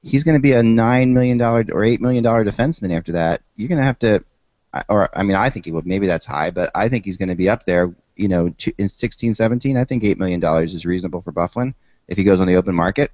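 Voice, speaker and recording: Fast-talking deep-voiced man hosting. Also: a little mellow. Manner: quick, rambling, hands off to co-hosts. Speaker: podcast host. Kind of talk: casual sports chat. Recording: dull lo-fi podcast audio.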